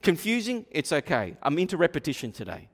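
A man preaching a sermon, animated, repeating himself and acting out quoted voices. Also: fairly high pitch, fairly quick, slightly rough. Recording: long hall reverb.

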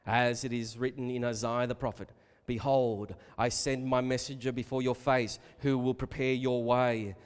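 A man preaching a sermon, emphatic and rhetorical, calling his listeners beloved and building to loud repeated questions. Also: medium pitch, level tone, normal speed, hardly any pauses, clear, resonant tone. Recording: long reverb of a large hall.

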